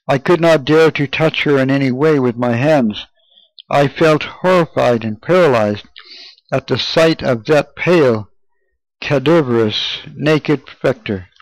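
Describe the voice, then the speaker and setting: A man reading an old first-person memoir aloud in a measured, solemn way. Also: mid-range voice, no room sound, poor audio. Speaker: reader. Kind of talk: audiobook narration.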